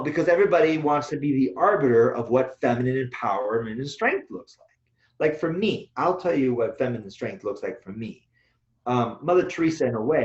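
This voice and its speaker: A man co-hosting a casual discussion, talking bluntly and swearing freely as he rants. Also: medium pitch. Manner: blunt, profane, animated ranting. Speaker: co-host, Taoist teacher. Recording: echoey room, dull lo-fi sound.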